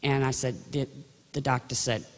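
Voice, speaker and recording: A woman's voice: a bass voice, flat delivery, normal speed. A woman sharing a personal faith story in a conversational storytelling way, often restarting her sentences. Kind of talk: personal testimony talk. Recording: long reverb of a large hall.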